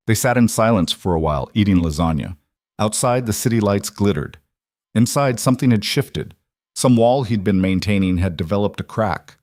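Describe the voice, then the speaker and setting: A man narrating a scripted drama story in an even, measured way. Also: on the low side, no echo, clean studio sound.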